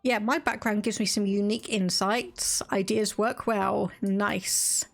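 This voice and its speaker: A woman's voice: medium pitch, fairly even intonation, measured pace, creaky, faint music behind. A woman with an Estuary English accent from England, chatting casually and laughing as she streams a strategy game and reads game text aloud. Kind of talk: casual live-stream gameplay commentary.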